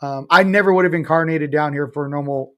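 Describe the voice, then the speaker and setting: Talking fast as a guest in a casual spiritual interview, this man in his forties has a voice sitting a bit above the usual male range. His manner is emphatic and blunt, peppered with offhand swearing and sarcastic jokes at his own expense.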